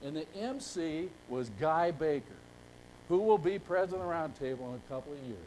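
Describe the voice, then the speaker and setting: Older man, high voice, folksy rambling storyteller, live talk, faint hum. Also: animated, a little fast, a little mellow, low-quality recording. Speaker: speaker at a conference.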